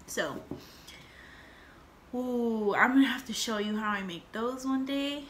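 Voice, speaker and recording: A woman's voice: fairly high pitch, a little slow, a little hiss or hum. A young woman telling a rambling story and chatting in a casual home vlog, with lots of fillers and acted-out quotes. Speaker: vlogger.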